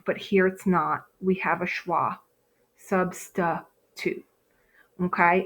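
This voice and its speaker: A woman teacher giving a recorded phonics lesson, explaining step by step with frequent "okay" and "um". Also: medium pitch. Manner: patient, explains step by step, frequent okays and ums.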